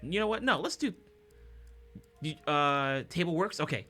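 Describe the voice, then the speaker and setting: A man's voice: fairly high pitch, expressive, moderate pace, pushed and bright, faint music behind. A man hosting a casual livestream, upbeat and chatty with his viewers, chuckling often. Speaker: streamer and musician.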